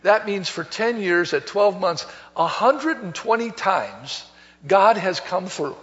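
High-voiced man preaching in a reverberant church. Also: lively intonation, slow pace, a bit bright. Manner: conversational storytelling with emphatic exhortation. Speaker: pastor. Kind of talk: sermon. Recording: long hall reverb, dull lo-fi sound.

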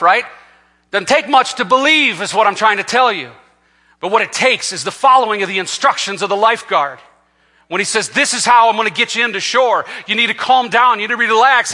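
A man preaching a sermon in a church, his voice high and very bright and cutting. He climbs to loud, emphatic peaks and drops to low asides, with a long reverb hanging in the hall around him. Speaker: pastor.

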